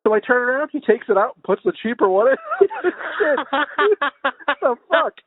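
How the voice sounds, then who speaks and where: A man's voice: very high-pitched, animated, normal speed, no room sound. A man in his thirties co-hosting a podcast, fondly recalling and teasing friends in casual chat. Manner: amused reminiscing, teasing. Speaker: podcast co-host. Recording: dry tinny phone-like sound.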